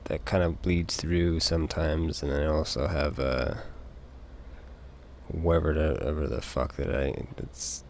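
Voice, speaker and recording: Casual male streamer with a Utah accent, very low and gravelly, unhurried and meandering. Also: steady tone, a little mellow, a little hiss or hum. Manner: rambling, halting, swears casually. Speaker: live streamer.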